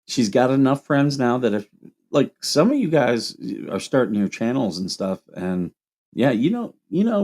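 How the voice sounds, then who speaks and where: A man's voice: lowish voice, warm tone. A man from Ohio with a Midwestern accent, hosting a casual livestream and chatting with viewers. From Toledo, Ohio. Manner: rambling, chatty, reacts to chat comments. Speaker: livestream host.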